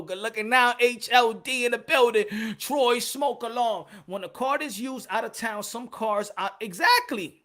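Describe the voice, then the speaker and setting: A man hosts his own boxing channel live, talking loosely and animatedly. His tone is bright and forward. He loops back over phrases and calls out names from the chat. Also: high voice. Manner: animated, repetitive, slangy, reads chat aloud. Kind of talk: casual livestream chat.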